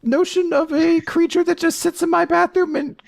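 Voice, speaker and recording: A man's voice: very high-pitched, level tone, normal speed, gravelly. A man co-hosting a podcast, bantering in a jokey, goofy casual chat. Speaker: podcast co-host.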